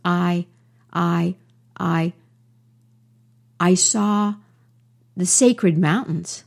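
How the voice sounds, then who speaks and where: A woman's voice: mid-range voice, very animated, moderate pace, darkish tone, slightly rough. A woman voicing a small, timid male mouse who stammers in a storybook tale. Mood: awed.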